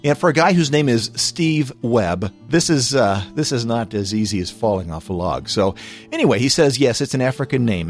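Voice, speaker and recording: An American man hosting a podcast, chatting loosely and chuckling as he answers listener questions, with many fillers and restarts. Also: on the low side. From United States. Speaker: podcast host.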